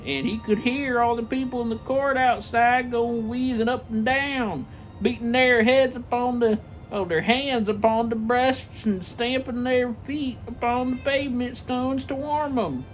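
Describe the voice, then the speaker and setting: Slow, stumbling male storybook reader. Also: extremely high pitch, fairly even intonation, faint music behind, low-quality recording. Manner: slow, stumbling reading with self-corrections. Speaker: narrator. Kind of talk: comedic storybook reading.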